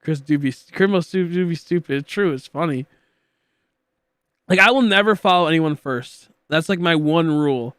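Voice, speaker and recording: A young man from Michigan talks to his stream in a loose, rambling way, goofy and stuffed with filler words. His voice sits a bit high. The sound is dry and close. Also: normal speed, fairly bright tone, clean tone, dry recording. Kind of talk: casual chat while gaming.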